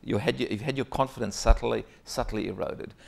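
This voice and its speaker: A middle-aged executive coach delivers a conference keynote in a lively storytelling style, often checking in with the audience through "right?" asides. His gravelly voice is mid-range and a little fast.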